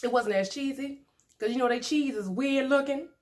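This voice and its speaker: Lady doing a mukbang vlog, bit high voice, chatty and laughing a lot. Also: normal speed. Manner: chatty, playful, laughs often. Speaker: mukbang vlogger. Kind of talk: casual chat while eating.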